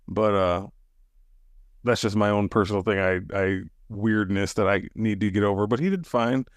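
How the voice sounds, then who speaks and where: A man co-hosting a podcast, chatting casually and relaxed, often hedging with fillers. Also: fairly low pitch, moderate pace, no echo. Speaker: podcast co-host. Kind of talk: casual chat.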